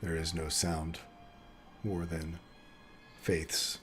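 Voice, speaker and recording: A man running a tabletop game, narrating in a low, unhurried voice. He paces his descriptions calmly. Faint music sits in the background. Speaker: game master.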